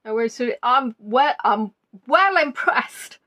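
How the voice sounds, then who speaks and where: Lady running a quiz, high voice, chatty and teasing, repeats the answers. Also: animated, a little slow, bright, forceful tone. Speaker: quiz host. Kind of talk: live online quiz chat.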